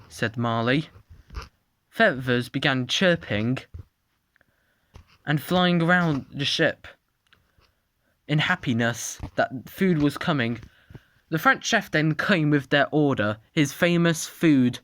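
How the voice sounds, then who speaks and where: A narrator telling an improvised story in a halting way, often restarting sentences. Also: medium pitch, expressive, a bit bright.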